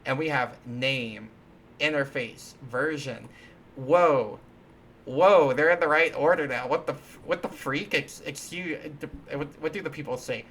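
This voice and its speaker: A livestream host with a slightly high, somewhat bright voice chats casually at a measured pace while he codes. He rambles playfully, restarting sentences and using lots of fillers, over slight background noise.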